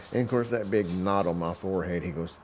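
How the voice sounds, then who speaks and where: Deep-voiced man telling a folksy story. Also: a little mellow, slight background noise. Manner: chuckles often, self-deprecating and rambling. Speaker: gaming channel host. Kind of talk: casual storytelling over gameplay.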